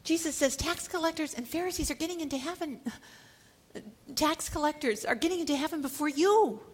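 A woman preaching a sermon, telling a parable with animated storytelling, acting out the quoted lines and laughing often. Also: high voice, brisk.

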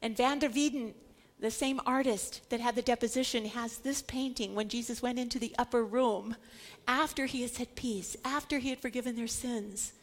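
High-voiced woman teaching scripture emphatically. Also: steady tone, normal speed. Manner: emphatic, repeats words for stress. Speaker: Bible teacher. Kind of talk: Bible study teaching.

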